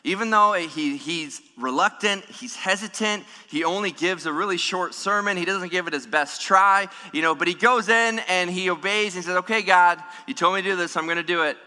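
A man preaching a sermon in a church, animated, acting out the voices of people in the story. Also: sits high, normal speed, few pauses. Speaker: pastor. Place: church hall. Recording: long hall reverb.

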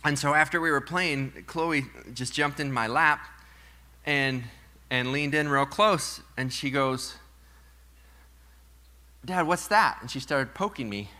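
A man in his thirties preaching a sermon to a live congregation, conversational and storytelling, with playful asides and softer reflective moments. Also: mid-range voice, a little slow. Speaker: pastor. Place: church sanctuary with live congregation.

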